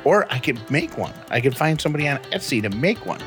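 A man's voice: a little high, sing-song, fast talker, a bit bright, faint music behind. A man co-hosting a podcast, talking in an easygoing, joking way. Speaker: podcast co-host. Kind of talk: casual chat.

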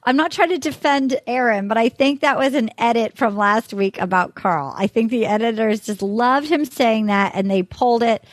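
A woman hosting a podcast, recapping a dating show in casual chat with animated storytelling and frequent laughs. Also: fairly high pitch, moderate pace, few pauses, dry recording. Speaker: podcast host.

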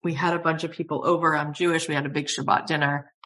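A woman with a very low-pitched voice hosts a relaxed interview. She tells personal stories in an animated way and often breaks into laughter. Her delivery is expressive and conversational. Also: fast talker, a little hiss or hum. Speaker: podcast host.

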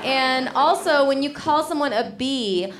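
Sardonic high-voiced woman doing stand-up. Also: a little slow, background noise. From Illinois. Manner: sardonic, deadpan, mock-haughty. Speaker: stand-up comedian. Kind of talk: stand-up set. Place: comedy club stage. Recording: live club recording with audience laughter.

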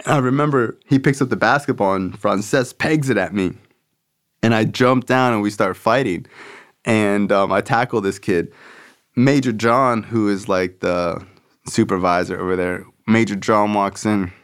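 A man with a fairly low voice tells his own life story as a podcast host. He talks loosely and candidly, with lots of "like" fillers and swearing. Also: a little slow. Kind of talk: casual personal storytelling.

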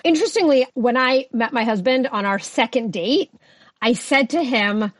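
A woman who grew up in Russia speaks as a podcast guest. Her voice sits on the higher side and she thinks out loud in a relaxed, reflective way, laughing easily. The recording is dry and close. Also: normal speed, no room sound. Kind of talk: conversational podcast interview.

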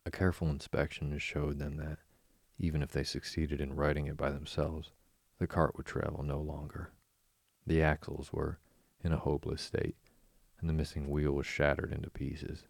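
A man reading a storybook aloud in a measured, even way. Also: a bass voice, gravelly, dry recording. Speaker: narrator.

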